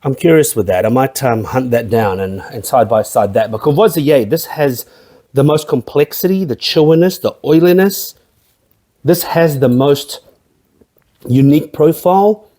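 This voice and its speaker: A man's voice: mid-range voice, lively intonation, moderate pace, dark tone. A man hosting a casual spirits tasting review, chatty and rambling, with jokey asides. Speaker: host of a spirits review channel.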